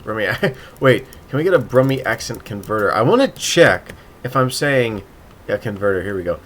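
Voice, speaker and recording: A man's voice: lowish voice, lively intonation, moderate pace, fairly bright tone. A man hosting a casual writing livestream, thinking aloud and muttering to himself as he works.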